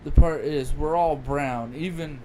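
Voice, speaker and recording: A man co-hosting a podcast speaks a little slowly in a somewhat high voice. He rambles and voices his opinions casually, with noticeable noise in the background.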